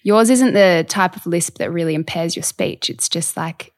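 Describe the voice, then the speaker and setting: A young woman from South Australia talks in a low, soft voice. She sounds modest and laughs easily as a podcast guest in relaxed conversation. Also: moderate pace. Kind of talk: casual interview chat.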